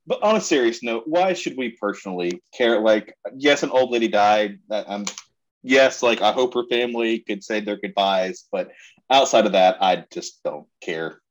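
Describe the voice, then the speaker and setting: A man of middle pitch delivers sarcastic, deadpan rants on a sports-betting podcast. His mic sounds a little dull and lo-fi. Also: normal speed. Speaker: podcast co-host.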